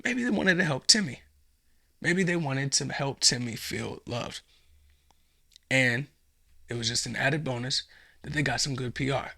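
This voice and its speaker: A man's voice: medium pitch, unhurried, gravelly, long pauses, pushed and bright. A man hosting a podcast, giving mocking, emphatic commentary with lots of repetition. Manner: mocking and emphatic, with many repeats. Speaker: podcast host.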